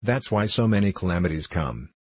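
A man reading the part of an angry, blustering middle-aged friar, sarcastic and loud. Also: deep voice, lively intonation, brisk, no room sound. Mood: indignant.

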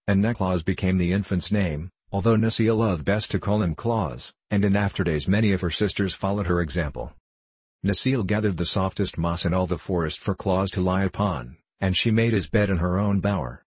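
A man narrating a storybook in a measured, calm reading. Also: low-pitched, slightly rough, no echo. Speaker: audiobook narrator.

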